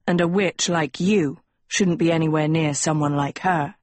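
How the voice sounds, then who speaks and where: A woman voicing an arrogant teenage prince, smug and teasing, in a low husky voice close to her own. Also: steady tone, normal speed, a little mellow, dry recording.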